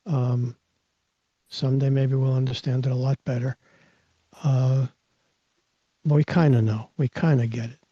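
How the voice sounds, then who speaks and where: A man's voice: mid-range voice, level tone, measured pace, long pauses, warm tone, dry recording. A man hosting a live audio talk, coaching and teaching in an emphatic way, repeating words and restarting his sentences. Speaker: host and mindset coach. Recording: dull, lo-fi online audio.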